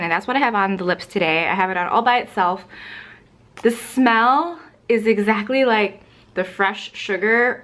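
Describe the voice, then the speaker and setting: A woman's voice: mid-range voice, fairly bright tone. A young woman chatting casually to camera at home about makeup, rambling with lots of fillers and a little out of breath. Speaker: beauty vlogger.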